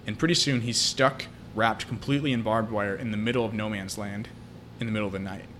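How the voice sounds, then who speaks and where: A man's voice: lowish voice, steady tone, fast, a bit bright, a little hiss or hum. A man co-hosting a podcast, retelling a film plot in casual chat, with many fillers. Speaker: podcast co-host.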